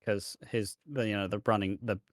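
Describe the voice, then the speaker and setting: A man's voice: lowish voice, steady tone, moderate pace, no room sound. A man co-hosting a wrestling podcast, laid-back and dry, dropping swear words into match rundowns. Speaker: podcast co-host. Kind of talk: casual chat.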